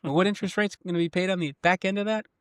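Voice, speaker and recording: A man who works as a life insurance agent, co-hosting a casual podcast conversation and making his points emphatically, his voice jumping up in pitch. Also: steady tone, rapid-fire, clean tone, dry recording, clean studio sound. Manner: emphatic, with sudden rises in pitch.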